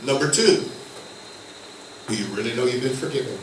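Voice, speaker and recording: An older man with a Southern American accent preaching a sermon, telling folksy stories that swing from hushed low tones to loud shouts. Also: moderate pace, slight background noise. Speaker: guest preacher. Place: church sanctuary. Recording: echoey church from far off.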